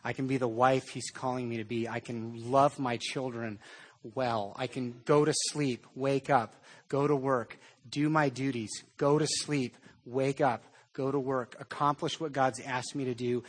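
A man preaching a sermon in a conversational way, with animated storytelling. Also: medium pitch, measured pace. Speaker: pastor.

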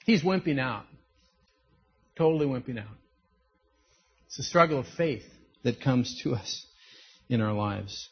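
A man's voice: fairly high pitch, a little slow, long pauses, husky. A man preaching a sermon, telling stories and acting out the voices in them. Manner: animated storytelling, acts out quoted voices. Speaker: pastor. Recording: dull lo-fi recording.

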